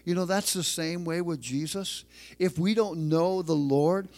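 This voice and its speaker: A middle-aged man preaching a sermon as pastor of a church, emphatic, repeating phrases and slowing down on key lines. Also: a little high, a little mellow.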